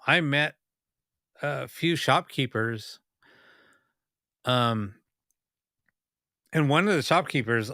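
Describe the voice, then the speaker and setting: Bright, clear-voiced male podcast host. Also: medium pitch, no echo, clean studio sound. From United States (Los Angeles). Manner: rambling anecdotes with many fillers and restarts. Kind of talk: casual podcast chat.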